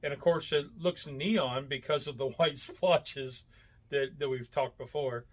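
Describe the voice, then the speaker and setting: A man chatting casually as a podcast co-host, at an ordinary mid pitch. He rambles, loses his words and fills the gaps with "um" and "you know.". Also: unhurried. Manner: rambling, searches for words with many fillers. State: coughing from hot coffee. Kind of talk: casual chat.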